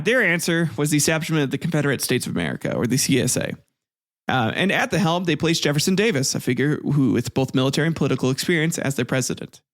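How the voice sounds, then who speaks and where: Man, comedic history narration, profane, sarcastic, higher-pitched. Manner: profane, laughing sarcastic asides. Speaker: host.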